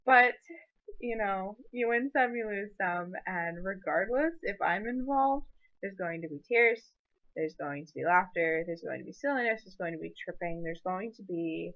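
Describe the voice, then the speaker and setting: A woman's voice: fairly low pitch, highs cut off. A young woman in a personal vlog, telling an emotional story in an earnest, rambling way. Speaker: vlogger.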